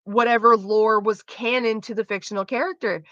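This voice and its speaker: Motor-mouthed woman streamer, bright voice. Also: a little high, fairly even intonation, dry recording, muffled recording. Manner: fast rambling talker, swears freely. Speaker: streamer chatting with viewers. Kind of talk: casual chat.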